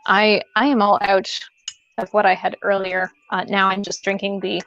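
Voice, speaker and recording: A woman's voice: mid-range voice, little pitch movement, normal speed, gravelly, fairly bright tone. A woman co-hosting a podcast in casual chat, rambling with lots of fillers and restarts. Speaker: podcast co-host. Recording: dull lo-fi sound.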